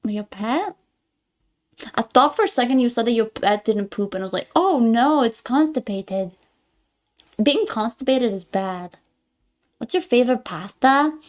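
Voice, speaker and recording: A fairly high-voiced woman chats casually on a live stream, greeting viewers and answering their messages. She giggles often and speaks with a non-American English accent. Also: lively intonation, normal speed. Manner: chatty, giggly, reads chat aloud and greets viewers.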